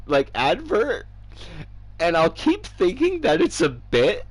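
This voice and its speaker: An American woman in her forties chatting casually on a game stream, animated and giggly with sudden excited squeals. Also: on the low side, slow pace, husky. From United States. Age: 40s. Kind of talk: casual livestream chat while gaming. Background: game music.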